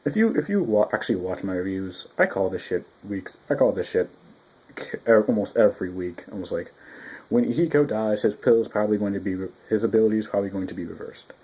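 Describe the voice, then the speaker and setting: A man giving a casual spoken manga review, rambling and excitable, with frequent restarts and swearing. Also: lowish voice, quick pace, husky.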